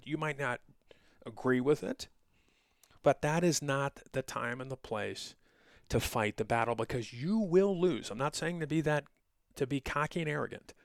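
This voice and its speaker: A middle-aged man with a gravelly, fry-laden voice delivers solo podcast commentary in an indignant, sarcastic, lecturing tone. He speaks close to the mic in a dry, dead room. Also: mid-range voice, dry recording. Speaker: podcast host.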